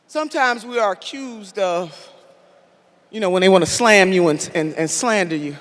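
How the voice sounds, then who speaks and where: A woman giving a fiery political rally speech in a large hall, with a preacher-like cadence, repetition and loud shouted build-ups. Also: mid-range voice, moderate pace. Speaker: rally speaker. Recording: long hall reverb, faint crowd.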